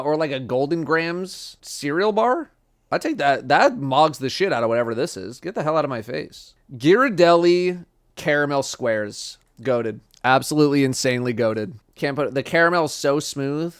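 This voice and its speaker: A man streaming casual chat, blunt and profane, dropping to flat mumbles and jumping to loud outbursts. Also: a little high.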